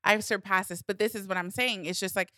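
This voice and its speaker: Woman, candid podcast guest, animated, laughs often, dry close-miked studio sound. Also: medium pitch, brisk, no echo. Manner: animated, laughs often, acts out her inner voice. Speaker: guest sharing personal story. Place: studio, seated at a mic. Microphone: close studio mic.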